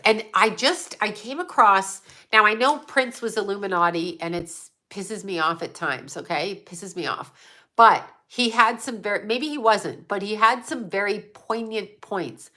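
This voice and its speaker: A woman's voice: medium pitch, a little slow, bright, forceful tone. A woman hosting a casual livestream and answering her chat, talking in a blunt, profane, outspoken way.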